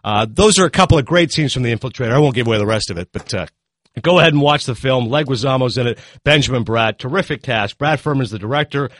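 A man reviewing films in a casual chat, animated and retelling scenes with quick asides. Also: medium pitch, no room sound, clean studio sound. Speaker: film critic.

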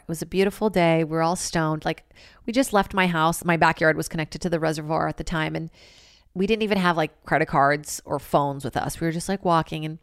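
A woman in her thirties hosts a podcast and tells a wild story in loose, profane chat, with "like" in almost every sentence. Her voice sits on the low side for a woman. The sound is close and dry. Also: no room sound. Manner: animated, profane, filler-heavy with lots of "like". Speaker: podcast host. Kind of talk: casual comedic storytelling.

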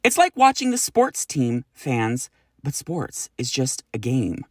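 A woman hosting a podcast reads listener messages bluntly and casually, swearing freely and sighing in exasperation. Her bass voice is sing-song, slow and a little mellow. The studio-quality audio has no echo.

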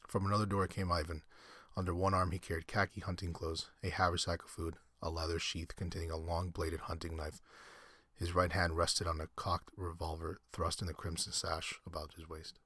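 Deep, husky male storyteller. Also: flat delivery, pushed and bright, no room sound, studio quality. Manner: measured storytelling with occasional restarts. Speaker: narrator. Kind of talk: audiobook reading of a short story.

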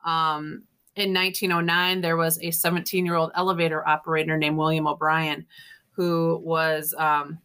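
Middle-aged woman, talkative storyteller, slightly low and bright tone, acts out quotes. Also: normal speed, smooth. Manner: chatty, laughs often, quotes people in animated voices. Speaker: guest, ghost tour guide and co-author. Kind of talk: casual storytelling interview.

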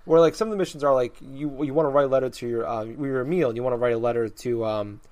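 A man's voice: mid-range voice, fast talker, darkish tone. A man hosting a casual chat, rambling through an explanation with lots of false starts and restarts.

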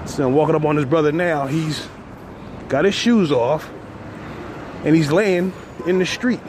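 A man's voice: a little high, a little slow. Man vlogging loosely on a busy street. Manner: loose, conversational, sprinkled with "man" and "you know". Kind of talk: casual walking vlog. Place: city street outdoors. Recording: noisy outdoor street audio. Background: street traffic.

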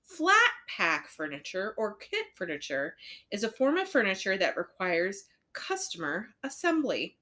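A woman's voice: medium pitch, measured pace. A woman in her thirties co-hosting a podcast, telling family stories in a casual, laughing way. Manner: lively, laughing storyteller. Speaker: podcast co-host. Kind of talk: casual chat.

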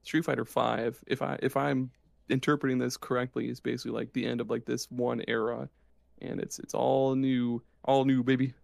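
A man co-hosting a casual podcast, excited and swearing freely. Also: mid-range voice, normal speed, gravelly, no room sound, studio quality. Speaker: podcast co-host. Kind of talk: casual chat.

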